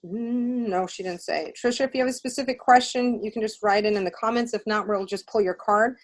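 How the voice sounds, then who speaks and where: A woman co-hosting a casual live stream, rushing through the comment list. She talks quickly and busily, thanking one viewer after another. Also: mid-range voice, poor audio. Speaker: co-host reading viewer comments.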